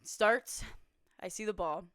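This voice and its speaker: A woman co-hosting a podcast, telling an embarrassing story in a lively, profane way with lots of "like" fillers. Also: mid-range voice, slow pace, clean tone, no echo, clean studio sound. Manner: animated, profane, full of "like" fillers. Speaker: podcast co-host. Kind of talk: casual storytelling chat. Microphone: streaming setup.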